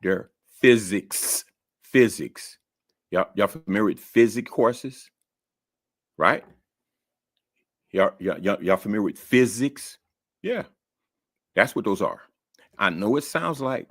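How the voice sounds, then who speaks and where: Lively low gravelly man. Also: unhurried, pauses often. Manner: animated, joking, repeats words. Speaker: college advisor giving tips. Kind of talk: casual talk-to-camera advice.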